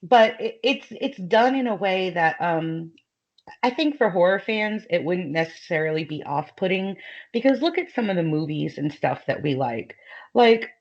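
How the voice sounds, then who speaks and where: A woman with a light Southern American accent talks in a loose, chatty way, laughing often and leaning on fillers. Her voice sits a little low. The recording is dull and lo-fi. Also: expressive, moderate pace. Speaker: guest author. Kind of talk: casual podcast chat.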